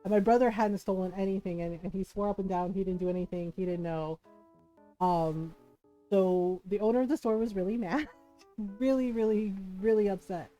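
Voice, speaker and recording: A woman's voice: mid-range voice, fairly even intonation, normal speed, warm tone, soft background music, poor audio. A woman streamer telling a family story in casual chat while she plays a game. She laughs often and keeps saying "like" and "right?". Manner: chatty, laughs often, says "like" and "right?" a lot. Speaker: livestream host.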